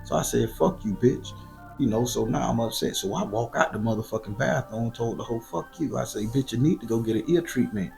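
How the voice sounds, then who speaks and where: A man from southern Florida hosting his channel, telling a graphic, profane story in loose, slangy, animated monologue. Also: mid-range voice, fast, creaky, hardly any pauses, soft background music. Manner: profane, slangy and animated, voice jumping up for quoted lines. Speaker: storyteller host.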